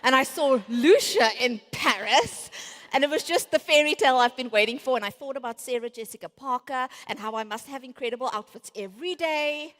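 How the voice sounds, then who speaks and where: A woman's voice: sits high, brisk, fairly bright tone. A woman in her late thirties giving a motivational conference talk, acting out her inner voices as she tells stories. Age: 30s. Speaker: conference speaker. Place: large conference hall. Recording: reverberant large hall.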